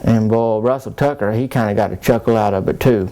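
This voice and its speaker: A man's voice: on the low side, a little fast, dark tone. A man telling a rambling small-town story in folksy country talk. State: soaked and cold. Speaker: comedic character monologue.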